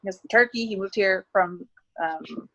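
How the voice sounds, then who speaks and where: A woman's voice: medium pitch, normal speed, a bit bright, lo-fi sound. A woman in her twenties, talking casually as an interview guest and saying "like" often. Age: 20s. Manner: chatty, heavy use of "like".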